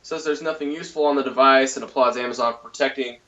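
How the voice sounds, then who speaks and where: A man's voice: mid-range voice, steady tone, bright, forceful tone, distant mic, dull audio. A man co-hosting a casual talk show, reading a news story aloud with many fillers and restarts. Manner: loose, halting delivery with many fillers. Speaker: podcast co-host.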